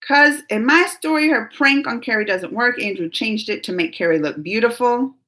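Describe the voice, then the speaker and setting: Woman, high voice, chatty live stream, chipper, greets viewers by name. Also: moderate pace, bright, forceful tone. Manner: chipper and chatty, reads viewer names aloud. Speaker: live chat host. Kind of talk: casual live-stream chat. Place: at home, just out of bed.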